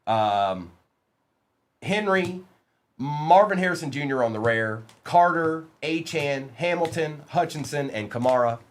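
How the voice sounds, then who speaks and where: A man with a voice on the high side and lively intonation hosts a livestream card break, with a little hiss or hum in the audio. He keeps things casual, calling out chat viewers by name and quickly running through lists of players.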